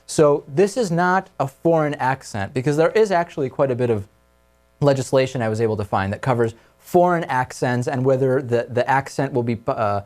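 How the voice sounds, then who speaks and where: Talk-show host leading casual banter. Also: male voice, mid-range voice, darkish tone. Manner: conversational, leading the discussion with quick restarts.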